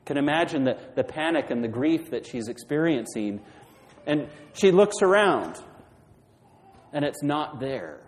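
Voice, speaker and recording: Man, pastor, preaching a sermon, asking the congregation questions, fairly high voice. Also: big pitch swings, a little slow, long reverb tail, poor audio.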